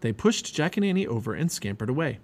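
A man reading a children's chapter book aloud as a parent, animated and expressive. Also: medium pitch, fast talker, slightly rough. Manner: animated, expressive reading with many character voices. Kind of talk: storybook read-aloud.

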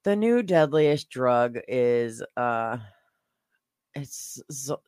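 A woman's voice: rumbling low, animated, extremely slow, darkish tone, clean tone, dry recording, clean studio sound. A woman co-hosting a podcast, teasing and laughing easily in casual banter. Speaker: podcast co-host.

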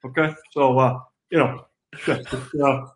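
A man's voice: mid-range voice, flat delivery, takes it slowly, roomy sound, natural voice. A man doing an impression of an older male football coach, talking in clipped phrases peppered with "you know" and "okay". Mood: folksy.

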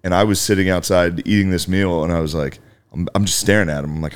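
A man from the United States, a guest comedian, telling stories in a relaxed, drawn-out way. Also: low-pitched. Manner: laid-back, drawn-out storytelling with swearing. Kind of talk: casual comedic storytelling.

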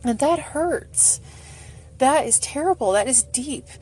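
A middle-aged woman and single mother giving a casual, emotional commentary as she reads fan charity posts aloud, gushing and slowing down to read. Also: sits high, expressive, darkish tone, husky.

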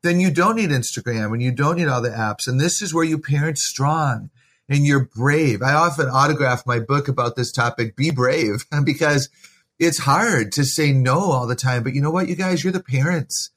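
Man, podcast guest, earnest, encouraging, preacherly, mid pitch. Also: normal speed, a bit bright. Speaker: parenting author and guest. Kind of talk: conversational podcast interview.

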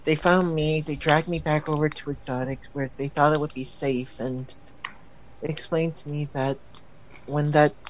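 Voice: medium pitch, steady tone, a little hiss or hum, poor audio. A player speaking in character at a tabletop game, hesitant with many fillers. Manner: slow, hesitant. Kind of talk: casual tabletop role-play.

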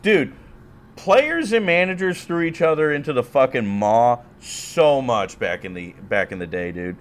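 A man's voice: mid-range voice, animated, moderate pace. A man hosting a podcast, chatting casually in a rambling, profane way and laughing often. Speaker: podcast host. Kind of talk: casual chat.

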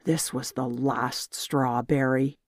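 Brief: a reader doing a calm, authoritative hero in a storybook, quiet and low, dry sound. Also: takes it slowly, no echo. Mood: stern. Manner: soft-spoken, low and firm. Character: protective commanding young male leader.

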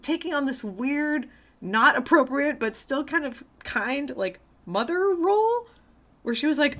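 A young woman chatting casually, with a bright and fairly high voice. Her pitch swings widely as she acts out what people said, dropping in swear words freely. The talk is loose and animated. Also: normal speed. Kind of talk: casual chat.

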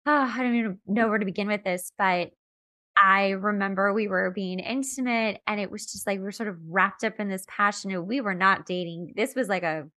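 A woman co-hosts a podcast, chatting casually in a lively, animated way and acting out quoted lines. Her voice is mid-range and fairly quick, recorded with no echo.

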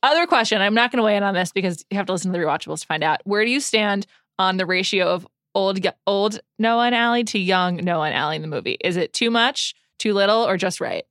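A woman hosting a podcast, chatting casually with a guest and giving playful, quick opinions. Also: medium pitch, a bit bright, no room sound, clean studio sound. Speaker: podcast host. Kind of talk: casual chat.

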